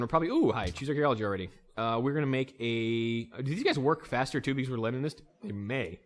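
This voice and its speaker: A man hosting a let's play, giving casual, rambling gameplay commentary and talking to himself and the game. He jokes often and slips into goofy voices and bits of song. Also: lowish voice.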